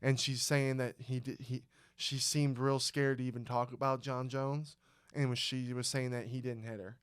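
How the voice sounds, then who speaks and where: Animated swearing man on a podcast. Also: mid-range voice, normal speed, smooth, no room sound, studio quality. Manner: animated, swearing, acts out scenes. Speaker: podcast co-host, former fighter. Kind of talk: casual podcast chat.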